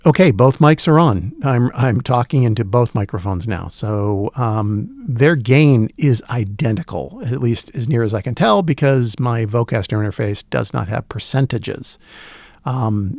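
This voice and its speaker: A man's voice: mid-range voice, gravelly, a little mellow, no echo. A man hosting a casual gear review video, chatting and thinking aloud with plenty of fillers into a studio dynamic microphone in a small home studio. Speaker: tech video host.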